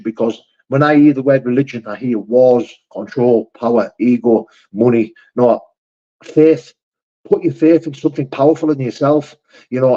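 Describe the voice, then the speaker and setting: On a muffled recording, a man with a medium-pitched, darkish voice hosts a casual live chat. He reads viewer messages aloud and answers bluntly and matter-of-factly, swearing often and calling people "mate" and "brother".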